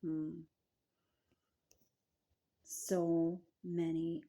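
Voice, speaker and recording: Low, gravelly midlife woman speaking gently. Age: middle-aged. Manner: gentle, measured, with soft asides and rhetorical questions. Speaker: midlife wellness coach. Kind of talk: reflective talk to camera.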